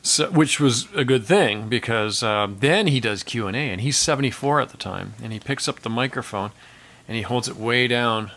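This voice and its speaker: A man sits telling war stories from years of mixing live sound. His delivery is casual and rambling, and he keeps slipping into quick impressions of the people who bothered him. He is good-humored about his own mistakes. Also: medium pitch, fairly bright tone. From Canada. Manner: chatty, self-deprecating, acts out quoted people in raised voices. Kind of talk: casual storytelling to camera.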